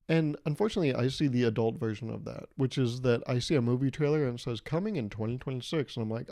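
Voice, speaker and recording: Mellow-voiced man hosting a rambling podcast. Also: medium pitch, lively intonation, fast, dry recording, studio quality. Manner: rambling, profane, self-mocking, argues with himself. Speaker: podcast host. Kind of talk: solo comedic podcast monologue.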